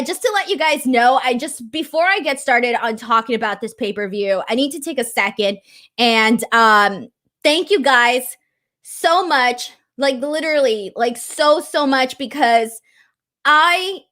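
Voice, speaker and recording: High-pitched woman host, casual chatty stream talk, full of fillers. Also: pushed and bright. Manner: chatty, lots of fillers, earnest and grateful. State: voice cracking with emotion. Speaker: wrestling show host. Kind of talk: casual live-stream commentary.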